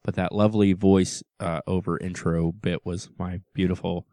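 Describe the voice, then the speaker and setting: A man with a low, smooth voice co-hosts a casual podcast and jokes easily, laughing often. He sounds close and dry, with no room around him. His chat stays loose and unpolished. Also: little pitch movement, normal speed, dark tone, no echo. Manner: chuckles often, loose and joking. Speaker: podcast co-host.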